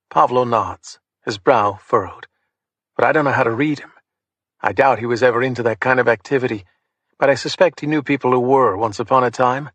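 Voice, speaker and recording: A man narrating a crime thriller audiobook in the first person, steady and matter-of-fact. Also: mid-range voice, a little fast, dry recording.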